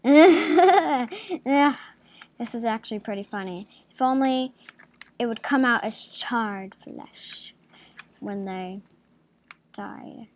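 A woman's voice: medium pitch, steady tone, slow pace, pauses often. A woman hosting a gaming channel, giving playful, giggly gameplay commentary at her home computer and chatting to the game's creatures.

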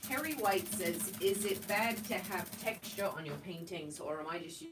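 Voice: mid-range voice, animated, normal speed, music in the background. Off-mic voice reading viewer comments. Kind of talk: casual chat. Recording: distant off-mic voice with background noise.

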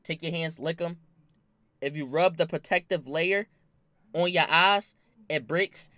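A young man casually telling a wild story from his own life, animated and full of slang and swearing. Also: on the high side, unhurried, no room sound. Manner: animated, slangy, swears a lot, bursts into loud laughing shouts.

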